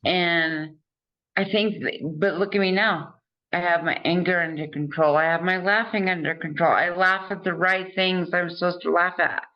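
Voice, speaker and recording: A woman hosting an interview, earnest and encouraging, speaking slowly and carefully after a stroke. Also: on the low side, steady tone, lo-fi sound. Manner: earnest and encouraging, laughs often. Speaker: interview host. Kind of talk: casual conversation.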